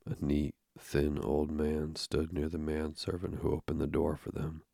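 Deep gravelly guy reading an audiobook, steady and measured, dry close mic. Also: no echo. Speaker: narrator. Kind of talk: audiobook narration.

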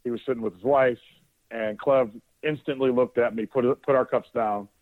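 A man's voice: mid-range voice, steady tone, moderate pace. Man telling a rambling radio story. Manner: rambling, profane, with frequent restarts. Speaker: sports radio host. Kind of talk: casual storytelling on air. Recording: dry, narrowband phone-like audio.

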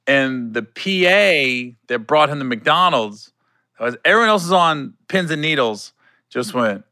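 A man's voice: mid-range voice, expressive, unhurried, pushed and bright, no echo. A middle-aged man hosting his own podcast in a studio, chatting casually and telling stories with laughter and quoted voices. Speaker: podcast host. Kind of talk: casual solo podcast chat. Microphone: studio podcast mic.

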